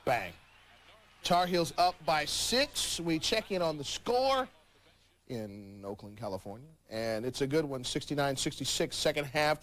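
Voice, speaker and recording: Punchy male sports anchor. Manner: punchy, animated highlight calls. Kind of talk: highlights commentary.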